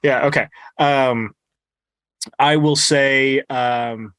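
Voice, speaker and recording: A man's voice: mid-range voice, a little slow, a bit bright, dry recording. Guy playing a tabletop rpg, lots of ums, dry close mic. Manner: hesitant, filler-heavy speech. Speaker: player. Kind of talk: tabletop role-play.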